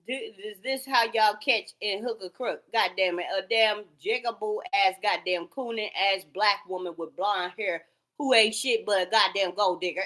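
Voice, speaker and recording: A woman's voice: mid-range voice, moderate pace, bright, forceful tone. A woman ranting straight to camera in a profane, rambling, heated way.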